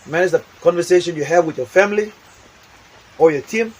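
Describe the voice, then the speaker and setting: This motivational speaker's voice sits high, with a darkish, husky tone and a fairly quick pace, captured on a rough recording. He speaks emphatically and repeats himself, acting out examples throughout his talk.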